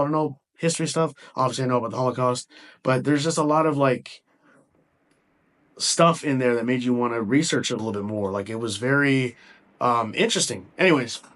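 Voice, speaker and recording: Chatty man with a high-ish voice rambling. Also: a bit bright. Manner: rambling, filler-heavy, enthusiastic with frequent restarts. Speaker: movie reviewer. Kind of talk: casual spoken film review.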